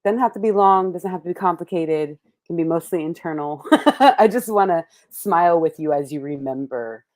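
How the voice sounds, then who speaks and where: A woman's voice: on the low side, lively intonation, normal speed, a little mellow. A woman hosting a panel chat, encouraging her guests and laughing often. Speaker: host.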